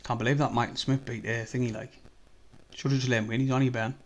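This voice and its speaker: A man's voice: medium pitch, little pitch movement, quick pace. A man with a North East English accent chatting casually and rambling through a live stream as a football fan, swearing freely.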